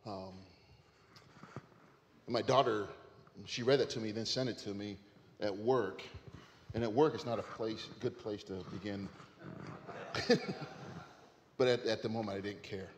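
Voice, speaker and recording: A man telling a story in sermon style, building in intensity and then softening, speaking from a stage. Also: fairly low pitch, fairly even intonation, unhurried, pauses often, slight background noise. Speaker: speaker at a church gathering. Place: stage of a large hall. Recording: long reverb of a large hall.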